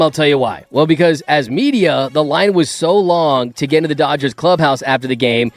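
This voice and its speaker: A middle-aged man hosting a sports talk show, telling lively stories in a casual, animated way. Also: fairly quick, hardly any pauses, faint music behind. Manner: animated, acts out his own past outbursts in a higher voice. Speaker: sports podcast host. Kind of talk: casual storytelling chat.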